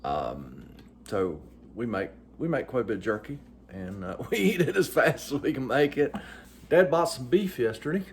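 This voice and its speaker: A man's voice: mid-range voice, animated, normal speed. A middle-aged man, talking to his vlog viewers in a folksy, joking way with lots of fillers. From West Virginia. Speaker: vlogger. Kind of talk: casual vlog talk.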